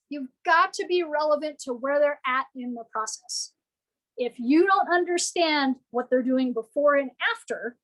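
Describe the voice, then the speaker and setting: Speaking to a room of business owners, a high-voiced woman keeps her presentation lively and playful, frequently performing imagined customer lines. The recording is poor.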